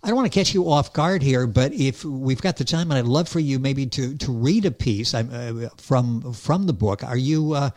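A man's voice: mid-range voice, moderate pace, few pauses, a little mellow. A male host talks enthusiastically with his guest, restarting his sentences as he goes. His voice sits in a middle range. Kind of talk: interview hosting.

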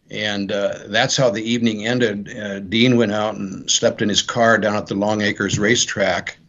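A man's voice: fairly low pitch, fairly even intonation, a little slow, hardly any pauses, fairly bright tone. Brief: man, author guest, rambling storyteller who acts out lines, muffled lo-fi sound. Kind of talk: interview, retelling his novel's plot. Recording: dull lo-fi sound.

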